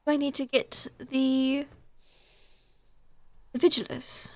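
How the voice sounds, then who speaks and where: Female player, slightly high voice, playful in-character role-play. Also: flat delivery, takes it slowly, dry recording. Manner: playful, speaks partly in character as a rich mother.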